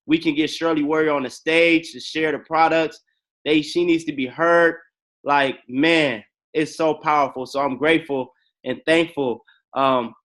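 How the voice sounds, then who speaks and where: Man hosting a call, fairly high pitch, excitable and effusive. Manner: gushing, excitable, slangy. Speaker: host of a group call. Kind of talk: casual chat.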